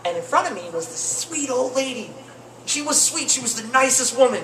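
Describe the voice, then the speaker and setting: Lively young man doing open-mic stand-up. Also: extremely high pitch, fairly quick. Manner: rambling, deadpan asides, lively swings into mock voices. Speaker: stand-up comedian. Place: cafe open-mic stage. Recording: roomy cafe with faint noise, distant mic.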